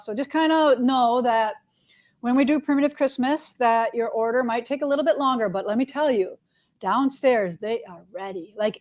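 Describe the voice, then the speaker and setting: A middle-aged woman chats through shop news on a live stream. Her voice sits a little high, and her delivery is friendly, upbeat and loose, full of "all right" and "right?" as she moves from item to item. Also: a little mellow. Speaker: quilt shop owner hosting a live show. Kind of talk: casual live-stream chat with announcements.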